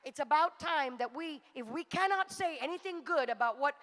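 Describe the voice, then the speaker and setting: Very high-voiced woman preaching. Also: animated, moderate pace, fairly bright tone, big-room sound. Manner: fervent, rising to exhortation. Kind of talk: sermon.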